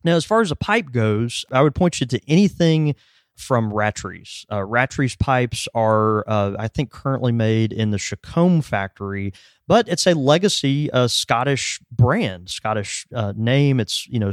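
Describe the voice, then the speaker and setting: A man's voice: mid-range voice, lively intonation, unhurried, no room sound, studio quality. A man co-hosting a podcast, explaining at length in casual chat, with lots of fillers and hedges. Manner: rambling, hedging with fillers. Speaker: podcast co-host.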